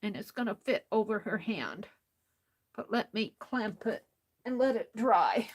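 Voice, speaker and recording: A tired woman hosting a late-night crafting livestream, talking softly to herself as she works. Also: medium pitch, very animated, measured pace, husky. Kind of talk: casual talk while crafting live.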